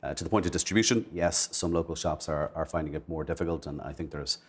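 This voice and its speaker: A man speaking as a newspaper industry panelist, measured but prone to restarts. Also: extremely low pitch, fairly even intonation. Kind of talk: panel discussion.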